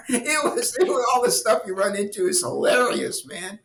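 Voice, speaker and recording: Bright, lively older man telling stories. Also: high voice, fairly quick, vocal fry, reverberant. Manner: animated storyteller acting out quoted voices, laughing. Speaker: guest, former congressman. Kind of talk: storytelling interview talk.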